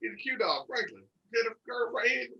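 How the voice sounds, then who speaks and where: A man co-hosting a casual podcast who jumps in with quick jokes and riffs on the story. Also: very high-pitched, lively intonation, gravelly, recorded from a distance, muffled recording, slight background noise. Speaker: podcast co-host. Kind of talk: casual chat. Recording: voice a bit off mic.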